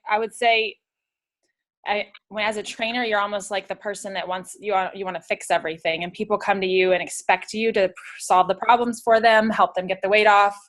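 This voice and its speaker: A woman's voice: medium pitch, fairly bright tone. A woman health coach and former trainer giving a thoughtful, casual explanation.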